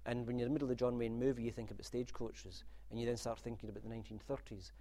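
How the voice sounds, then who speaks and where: A man's voice: medium pitch, flat delivery, racing, mellow. A man giving a university literature lecture in a wry, discursive manner, with asides and restarts. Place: lecture room.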